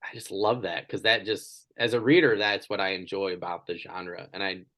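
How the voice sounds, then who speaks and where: A man with a lowish voice hosts a podcast interview in a casual, chatty way. He tells stories with bursts of animated energy and laughter in his tone. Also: normal speed. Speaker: podcast host.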